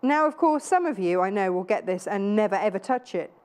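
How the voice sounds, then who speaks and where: A woman's voice: medium pitch, expressive, brisk, a little mellow, smooth. A woman in her thirties presenting live TV sales in a chatty, gushing way with self-deprecating asides. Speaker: shopping channel presenter. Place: TV studio.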